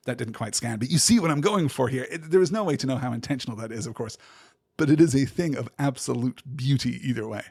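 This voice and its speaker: A man hosting a literary podcast, explaining poetic meter in a measured, thoughtful way. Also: a little high, expressive, darkish tone, breathy edge, no room sound, studio quality. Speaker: podcast host.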